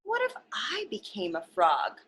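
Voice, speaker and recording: A woman voicing a cautious, anxious male elephant in a storybook reading, with a slow, worried, drawn-out delivery. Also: medium pitch, wildly swooping pitch, a bit bright, husky, full character voice.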